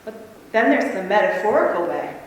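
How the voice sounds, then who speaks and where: A woman speaker tells a lively, laughing story to a conference audience. Her voice rings through a big echoey hall, picked up from a distance. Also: medium pitch, fairly quick, a little hiss or hum. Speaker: convention speaker. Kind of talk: talk to a live audience.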